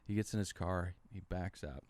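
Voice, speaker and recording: A man, co-hosting a podcast and telling lively stories in casual chat. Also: low voice, normal speed, no room sound. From Los Angeles area. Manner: animated storyteller, acts out quotes. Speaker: podcast co-host.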